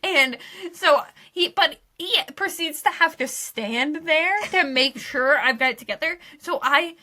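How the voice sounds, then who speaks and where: A young adult woman co-hosting a podcast, telling a story in casual chat with animated, breathless energy and a lot of laughter. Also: high voice, a little slow. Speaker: podcast co-host.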